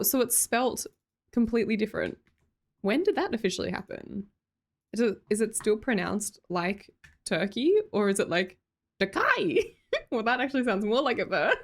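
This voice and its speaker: A woman's voice: medium pitch, big pitch swings, moderate pace. An Australian woman hosting a livestream, chatting casually and reading out viewer comments in a bubbly way, laughing often. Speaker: livestream host.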